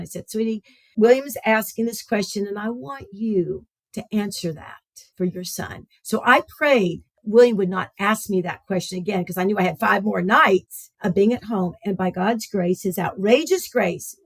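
A woman's voice: medium pitch, dry recording. A woman telling a heartfelt personal story as a radio guest, speaking tenderly and repeating phrases for emphasis.

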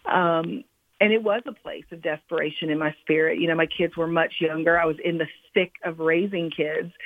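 A woman author giving a reflective, halting personal testimony as a guest on a radio interview. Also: mid-range voice, dry recording. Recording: phone line, dry.

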